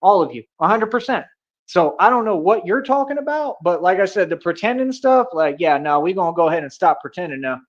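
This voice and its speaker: A man's voice: sits high, lively intonation, brisk, dull audio. Boastful American man ranting. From United States. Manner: boastful, confrontational street slang. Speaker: streamer. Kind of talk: casual rant to camera.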